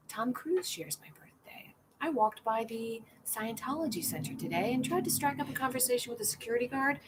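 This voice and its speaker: A woman's voice: medium pitch, a little mellow, a little hiss or hum. A middle-aged woman chatting casually and rambling, reading viewer comments aloud and acting out the people in her stories. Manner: rambling, self-deprecating, acts out quoted people. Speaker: comedian hosting a livestream.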